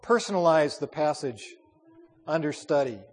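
A man's voice: fairly high pitch, expressive, moderate pace. A man leading a Bible study as a pastor, talking in a conversational way with fillers and repeated words. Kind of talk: informal Bible study teaching. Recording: long hall reverb.

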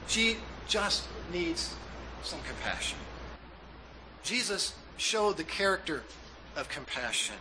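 Bright, high-voiced male pastor preaching. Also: a little hiss or hum, rough recording. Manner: preaching with rising emphasis, acting out quoted dialogue. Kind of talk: sermon.

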